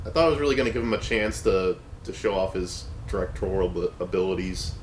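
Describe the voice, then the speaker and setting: Dude in a movie chat, lowish voice, short dry answers, faint hiss in an echoey room. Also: male voice, quick pace. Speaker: co-host reviewing movies. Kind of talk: casual movie review chat.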